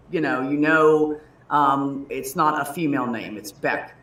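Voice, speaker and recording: A man in casual chat, telling stories with lively quoted voices and frequent swearing. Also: fairly high pitch, normal speed, distant mic. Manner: animated storyteller, swears freely, acts out quoted voices. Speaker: guest. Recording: echoey room.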